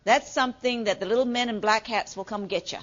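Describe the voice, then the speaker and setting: A middle-aged woman lectures a class in a conversational way, her voice a little high. She checks in with the room often with a quick "okay?" The recording sounds dull and lo-fi. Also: a bit bright. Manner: conversational, asks the class questions, many "okay"s. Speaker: nursing instructor.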